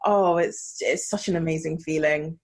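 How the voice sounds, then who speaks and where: A woman's voice: deep voice, fairly even intonation, moderate pace. A young woman from the UK, a podcast guest and author, telling emotional stories with lots of laughter. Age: young adult. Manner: gushing, laughs often, emotional storytelling. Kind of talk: candid interview chat.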